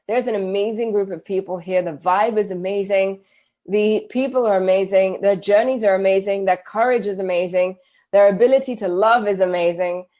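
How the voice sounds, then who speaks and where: A woman's voice: mid-range voice, a little mellow. A woman from England with a British accent, hosting a live Q&A stream and reading out viewer comments with enthusiasm. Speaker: host.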